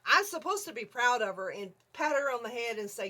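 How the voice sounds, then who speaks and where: Excitable husky-voiced woman telling a story. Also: mid-range voice, fairly quick. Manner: excitable, laughs often, acts out screams. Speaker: vlogger. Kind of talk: animated storytelling.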